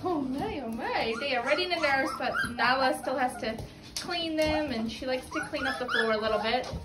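A woman narrating a casual home vlog, chatty and giggly, cooing baby talk to puppies in a warm room, filmed on a handheld camera. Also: sits high, normal speed, heavy background noise. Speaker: dog breeder vlogger. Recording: echoey room with music underneath.

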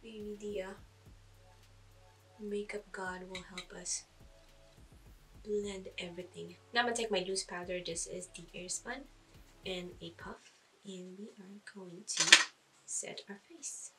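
A woman's voice: mid-range voice, steady tone, unhurried, long pauses, recorded from a distance, noisy background. A woman giving a casual makeup tutorial, chatting, thinking aloud and poking fun at herself as she goes. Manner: chatty, self-deprecating, thinks aloud with fillers. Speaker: beauty vlogger.

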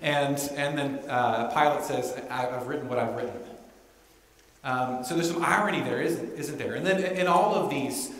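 Male pastor, mid-pitched, preaching a chatty sermon in a reverberant sanctuary. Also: normal speed, a bit bright. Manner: conversational, often asks "right?". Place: church sanctuary. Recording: echoey church hall.

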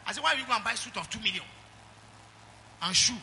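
Man, Nigerian accent, middle-aged, pastor's sermon, emphatic call-and-response, high-pitched. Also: lively intonation, quick pace, gravelly, pushed and bright, a little hiss or hum.

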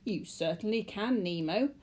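A woman voicing a panicky short bald man who shouts and hisses as he rushes to flee, raised well above her own tone, soft and slightly husky. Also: mid-range voice, expressive. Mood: panicked shouting. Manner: shouting, frantic.

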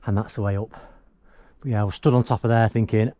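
A man's voice: on the low side, steady tone, fast talker, dark tone, no echo. A man vlogging outdoors on a rocky mountain as he climbs, talking chattily to an action camera while cold and working hard. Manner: chatty, self-deprecating, exclaims while climbing. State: cold, exerting himself climbing. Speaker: hiking vlogger. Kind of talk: breathless on-the-go commentary. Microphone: handheld or body-mounted action camera.

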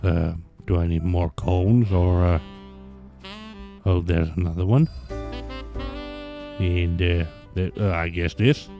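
A man's voice: deep voice, steady tone, takes it slowly, long pauses, dull audio, music in the background. A man giving casual let's play commentary on a hidden-object game, grumbling sarcastically and swearing often.

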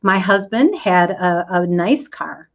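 A woman's voice: fairly low pitch, expressive, takes it slowly. A middle-aged woman coaching listeners in a motivational talk, earnest and emphatic, speaking to them directly. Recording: dull lo-fi audio.

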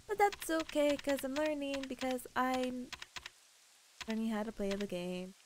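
A woman's voice: sits high, unhurried, noisy background. A woman streaming a game, chatting casually with viewers in a bubbly, giggly way. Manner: bubbly and giggly, chats with viewers while playing. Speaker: VTuber streamer. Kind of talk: casual gameplay stream chat.

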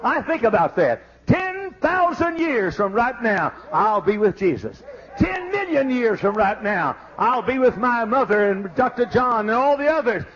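A man preaching a fiery sermon as pastor, exclaiming and shouting praise. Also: very high-pitched, big pitch swings, measured pace. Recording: dull lo-fi archive sermon tape.

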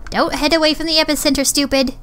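A woman with a high, bright voice narrates her own game session under her breath. She talks to herself, swears, and sounds exasperated. It comes across like a home gaming recording. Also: flat delivery, fast talker. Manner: self-talking, swearing, exasperated. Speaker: gamer. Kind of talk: gameplay commentary.

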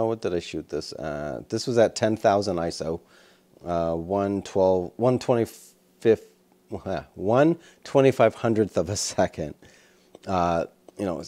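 A man with a low, mellow voice talks through his wildlife shots in an unhurried, casual way. He rambles a bit, with lots of "you know" and "uh" between thoughts. The tone is relaxed and conversational, like a photographer explaining his settings. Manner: easygoing, rambling with fillers. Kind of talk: casual commentary over photos.

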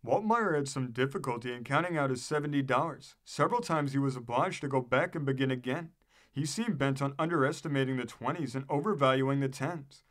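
A man's voice: medium pitch, a little fast. Man reading an old newspaper story. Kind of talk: read-aloud narration.

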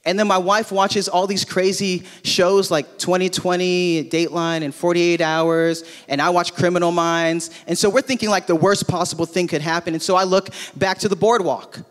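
A man in his thirties, originally from Hawaii, preaches from a church stage in a casual, story-driven way with frequent fillers. His voice sits a little high for a man. A long hall reverb trails behind every phrase. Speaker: pastor. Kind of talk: sermon with personal storytelling. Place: church auditorium.

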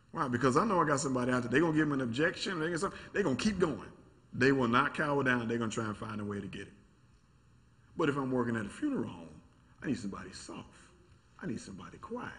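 A man speaks to a live audience in a church room with an energetic, demonstrative delivery. He acts out little scenes and keeps asking rhetorical questions. His voice sits at an ordinary middle pitch for a man. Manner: animated, acts out quotes and asks rhetorical questions. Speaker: workshop speaker. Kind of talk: interactive teaching talk.

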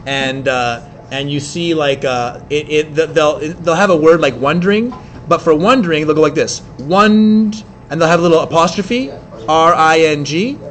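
A man teaching an English class, explaining in quick bursts with many fillers and restarts. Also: fairly high pitch, fairly bright tone, a little hiss or hum. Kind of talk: classroom lecture.

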